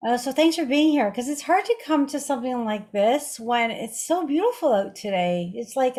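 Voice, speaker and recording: A woman's voice: medium pitch, darkish tone. A woman hosting a group video call, telling a personal story in a chatty, rambling way with frequent restarts and asides. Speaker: group call host and healer.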